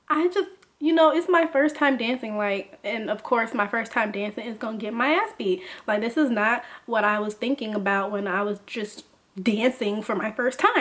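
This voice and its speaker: A young woman vlogger telling a casual story, animated and laughing, full of "like". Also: fairly high pitch, normal speed. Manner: animated, laughing, lots of filler "like".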